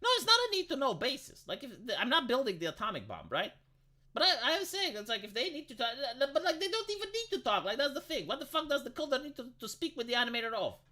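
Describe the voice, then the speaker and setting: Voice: high voice, very animated, fast, sharp tone. A live streamer ranting bluntly in casual chat, swearing often, cutting themselves off and repeating words. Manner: blunt, profane, rambling rant; self-interrupting, repeats words.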